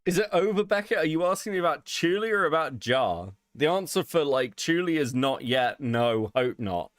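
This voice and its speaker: Male co-host, animated and profane, very lively pitch, dry close-mic sound. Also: moderate pace, no room sound. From Europe. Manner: animated, swears a lot, laughs often. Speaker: co-host of a livestream commentary show. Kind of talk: casual livestream commentary.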